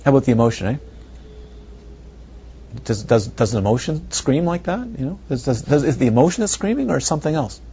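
This dharma talk comes from a meditation teacher who repeats phrases and asks playful rhetorical questions. Recorded dull and lo-fi with faint hiss, his mid-range voice sounds mellow and husky, very animated, a little fast, and broken by frequent pauses.

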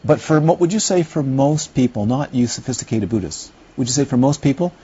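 A man's voice: mid-range voice, fairly quick, dark tone, breathy edge. Rambling middle-aged man lecturing on a dull recording. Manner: rambling, conversational, checks in with listeners. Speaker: Buddhist teacher. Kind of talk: lecture to a class.

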